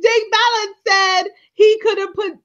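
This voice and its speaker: A woman's voice: extremely high pitch, level tone, unhurried, a little mellow, highs cut off, pitched above the performer's own voice. A woman putting on a prim fact checker voice. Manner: mock-formal, unsure put-on accent. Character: fussy female fact checker character.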